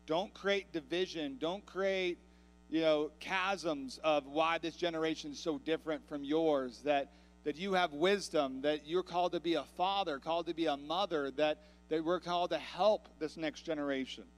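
A man preaching a sermon, telling a story with rising passion and growing loudness. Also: on the high side, steady tone, normal speed. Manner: impassioned storytelling, building in volume. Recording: reverberant hall with mains hum.

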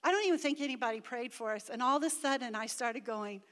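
A middle-aged woman giving an animated sermon testimony as a pastor's wife, her voice rising to shouts at times, recorded in a large church hall. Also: a little high, quick pace.

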